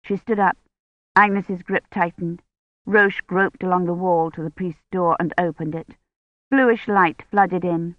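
A woman narrating a novel in a calm, measured reading voice. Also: fairly low pitch, no echo. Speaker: audiobook narrator. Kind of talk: scripted narration. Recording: dry, tinny phone-like sound.

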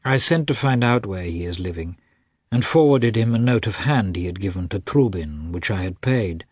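A man reading the lines of a patronizing, learned elder brother in a measured, lecturing way. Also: lowish voice, expressive, slightly rough, dry recording, clean studio sound.

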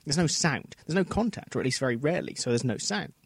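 A man's voice: fairly high pitch, expressive, fast talker, husky, dry recording. A man co-hosting a podcast, recording a rambling, self-deprecating solo segment. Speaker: podcast co-host.

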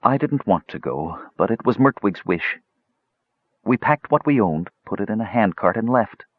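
A man voicing a matronly female dwarf who speaks softly and reservedly, as in an audiobook. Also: lowish voice, expressive, normal speed, breathy edge, no echo, phone-quality sound, voice pushed up. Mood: quiet, sad. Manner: soft, reserved. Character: matronly female dwarf, loyal, sad and soft-spoken. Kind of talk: audiobook narration.

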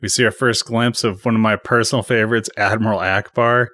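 A man hosting his own podcast, chatting casually as he retells film scenes and drops quick opinions. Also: medium pitch, level tone, a bit bright, dry recording, studio quality. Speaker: podcast host. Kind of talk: casual solo movie recap podcast.

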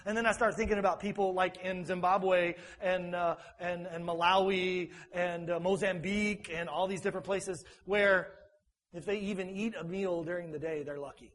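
A man's voice: sits high, steady tone, normal speed, in a large hall. A man preaching in a church, talking in a rambling, conversational way. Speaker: pastor. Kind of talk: sermon. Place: church sanctuary.

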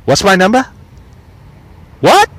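A man's voice: sits high, wildly swooping pitch, takes it slowly, fairly bright tone, voice pushed up, full character voice. A man voicing a busy old movie mogul on the phone who speaks in curt, impatient snippets. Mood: brisk.

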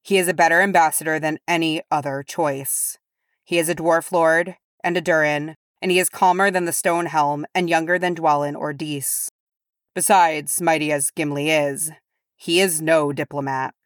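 A woman voicing a proud, stern male dwarf lord who speaks grimly and slowly. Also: sits low, fairly even intonation, no room sound, studio quality, lightly acted. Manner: grim, measured.

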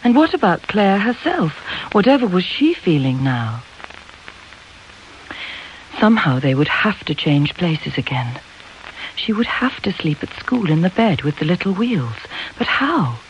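Measured audiobook narrator, slightly lo-fi. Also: mid-range voice, very animated, a little hiss or hum. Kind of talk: scripted narration.

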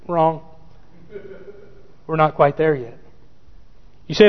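Emphatic preacher with a high voice. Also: male voice, moderate pace, pauses often. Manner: emphatic, repeats key phrases, addresses listeners directly. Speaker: pastor. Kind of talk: sermon. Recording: dull church recording with long reverb.

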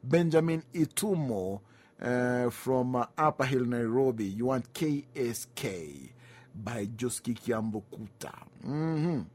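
A man's voice: medium pitch, animated, slow, a little mellow. A Kenyan man hosting a music radio show, chatting casually, mixing in Swahili phrases and reading out listener greetings and requests.

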